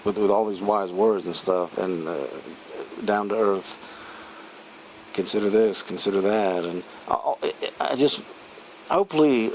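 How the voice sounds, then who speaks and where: A man with a lowish voice talks through a film review in a loose, rambling way, restarting sentences and chuckling as he retells scenes. A faint hum of room ambience sits behind him. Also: poor audio. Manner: rambling, chatty, many restarts and fillers. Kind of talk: casual spoken film review.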